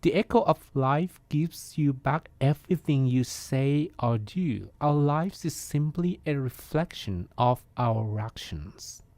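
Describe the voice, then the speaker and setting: A man voicing a calm, wise father gently explaining a lesson to his son, in a slow, lilting storytelling voice. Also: mid-range voice, dry recording. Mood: gentle.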